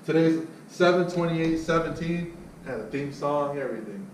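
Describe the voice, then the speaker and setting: Man, sales manager, profane pep talk, fairly high voice, echoey room, far from mic. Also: normal speed. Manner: loud, blunt, swearing, mocks others in put-on voices. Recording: echoey, distant mic with faint noise.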